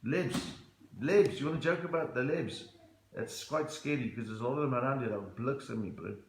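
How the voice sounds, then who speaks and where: A man's voice: medium pitch, brisk, background noise. Chatty South African man, echoey room. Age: middle-aged. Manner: chatty, reads out viewer comments, storytelling. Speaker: stand-up comedian. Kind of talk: live-stream comedy chat.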